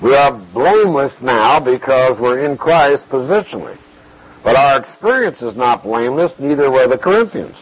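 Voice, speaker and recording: A man giving an expository Bible teaching, measured and emphatic, repeating key phrases to drive points home. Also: mid-range voice, animated, breathy edge, dull audio.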